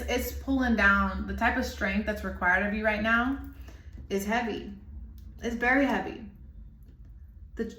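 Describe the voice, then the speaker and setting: A woman in her thirties gives a heartfelt tarot reading, her voice sitting a little high. She rambles and restarts as she reaches for the right words, getting emotional along the way. The recording carries a noticeable room echo. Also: a bit bright. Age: 30s. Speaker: tarot reader. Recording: echoey room.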